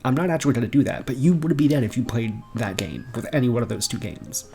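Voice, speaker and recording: Excitable rambling young man vlogging. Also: medium pitch, quick pace, vocal fry, faint music behind. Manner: excitable, rambling, laughs often, swears casually. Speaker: gaming vlogger. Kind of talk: casual rambling commentary. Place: bedroom at home.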